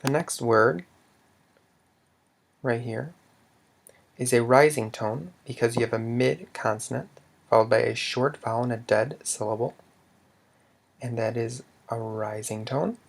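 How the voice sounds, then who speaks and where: A man teaching tone rules step by step, with a methodical manner, saying each example word louder than the rest. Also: medium pitch, gravelly. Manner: slow and methodical, says Lao example words louder. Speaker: language teacher. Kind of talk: screen-recorded tutorial explanation.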